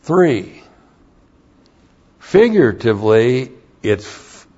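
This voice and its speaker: A man teaching a Bible lesson slowly and emphatically, repeating each key point. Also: mid-range voice, very animated, a little mellow, breathy edge. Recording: dull lo-fi recording.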